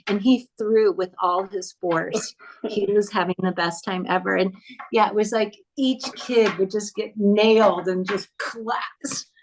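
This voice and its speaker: A woman's voice: medium pitch, a little slow, a little hiss or hum, poor audio. A woman film director, a guest on an interview show, telling anecdotes from a film set and acting out the lines of the people she quotes. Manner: animated, acts out quoted dialogue. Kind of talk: casual interview storytelling.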